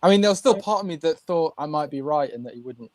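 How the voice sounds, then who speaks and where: A man's voice: fairly high pitch, lively intonation, fast, a little mellow, a little hiss or hum. A man co-hosting a podcast, emotionally retelling scenes from an episode in casual chat. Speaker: podcast co-host. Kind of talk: casual fan review chat.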